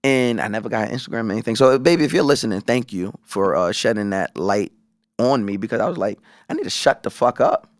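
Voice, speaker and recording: Animated, profane man telling a story. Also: on the low side, quick pace, no room sound, studio quality. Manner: animated storytelling, profane, acts out quoted voices. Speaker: podcast co-host. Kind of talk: casual podcast chat.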